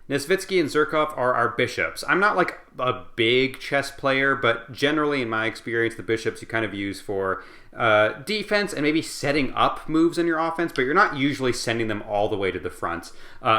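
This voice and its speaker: A man's voice: medium pitch, pushed and bright, reverberant. A man hosting a casual comedic book recap, rambling with lots of fillers and asides while a bit tipsy. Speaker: host.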